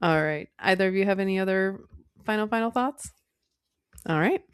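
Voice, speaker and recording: A woman's voice: medium pitch, normal speed, clean tone, no room sound, studio quality. A woman co-hosting a movie podcast, chatting casually and laughing often as she recounts scenes. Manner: giggly, quotes characters while laughing. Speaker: podcast co-host. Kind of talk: casual chat.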